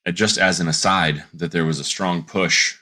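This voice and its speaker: A man co-hosting a casual podcast, telling a long joke and slipping into quick voices for its characters. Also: low-pitched. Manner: animated storyteller doing quick character voices. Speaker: podcast co-host.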